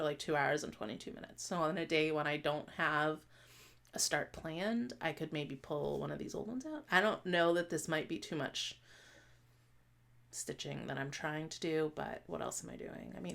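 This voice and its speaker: A woman's voice: lowish voice, a bit bright. A woman in her late thirties chatting casually to camera as a stitching vlogger, rambling with many fillers and restarts. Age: 30s. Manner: talks fast at times.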